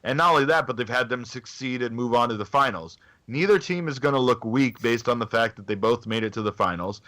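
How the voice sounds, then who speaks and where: Bright-voiced man on a chat podcast. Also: medium pitch, fairly quick. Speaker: podcast co-host. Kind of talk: casual chat about wrestling.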